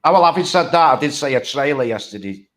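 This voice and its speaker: Co-host, medium-pitched voice, swears a lot, calls everyone mate. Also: male voice, lively intonation, fast, fairly bright tone. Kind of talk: casual late-night chat.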